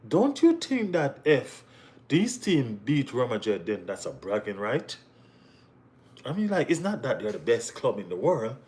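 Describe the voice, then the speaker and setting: Hosting a laid-back football chat live, this young guy speaks at a moderate pace, keeps dropping "you know what I mean," and breaks into high-pitched bursts of excitement.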